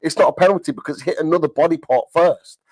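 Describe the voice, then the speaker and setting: A man's voice: on the high side, quick pace, darkish tone, no echo. A man talking through a contested penalty decision on a football fan livestream, agreeing with his co-host and explaining the rules. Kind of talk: post-match fan chat on a livestream.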